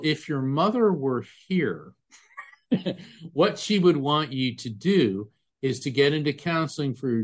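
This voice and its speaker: A man who works as a psychic medium and was once an attorney, telling stories earnestly and emphatically in a conversational interview. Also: mid-range voice. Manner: earnest, emphatic, describes sensations vividly.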